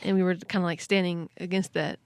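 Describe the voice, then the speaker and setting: Excitable laughing woman podcast host. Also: fairly low pitch, a little fast, clear, resonant tone, no room sound. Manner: excitable, laughs often, many "like" fillers. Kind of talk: casual storytelling chat.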